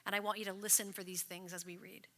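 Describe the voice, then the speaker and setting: A woman pastor preaching at a livestreamed church service, chatty and playful, and slowing down when she reads scripture. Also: mid-range voice, little pitch movement, bright, forceful tone. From Canada. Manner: conversational and playful, reading scripture slowly. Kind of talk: sermon.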